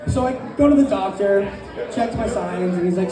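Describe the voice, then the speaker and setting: High-voiced man doing stand-up. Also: moderate pace, a crowd in the background. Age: 30s. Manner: profane, animated storytelling with acted-out voices. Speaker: stand-up comedian. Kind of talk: stand-up comedy set. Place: comedy club open mic. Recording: echoey room, distant mic, loud audience. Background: audience laughter.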